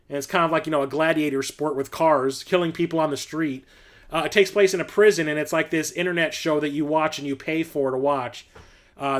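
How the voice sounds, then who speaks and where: Chatty man with a slightly high voice. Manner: rambling and enthusiastic, frequent fillers; swears casually. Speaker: livestream host showing his film collection. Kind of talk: casual chat on a livestream.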